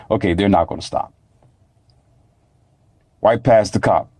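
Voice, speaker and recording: A man's voice: lowish voice, takes it slowly, long pauses, a little mellow, slightly rough, no room sound. A man telling a story in a blunt, preachy monologue that repeats itself. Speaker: vlogger.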